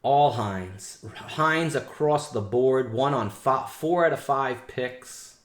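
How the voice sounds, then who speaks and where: A man with a mid-range voice talks slowly while hosting a live day trading stream. Recorded in an echoey room, he is casual and blunt, full of slang, scolding and reviewing trades.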